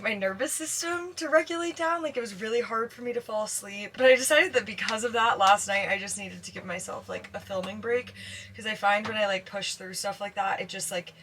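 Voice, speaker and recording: A young woman vlogging casually to camera from inside her camper van, chatty and excitable, full of filler words. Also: fairly high pitch, slight background noise. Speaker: vanlife vlogger. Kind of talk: casual vlog talk to camera.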